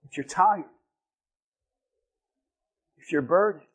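A man preaching a sermon as pastor, telling stories animatedly and swinging between loud bursts and hushed lines. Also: high-pitched, takes it slowly, breathy edge.

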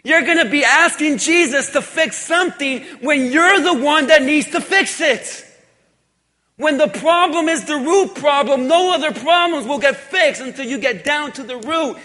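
Pastor, male, very high bright voice, emphatic repetitive preaching, big hall reverb. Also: moderate pace. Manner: emphatic preaching, repetitive phrasing, drops to quiet intensity. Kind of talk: sermon.

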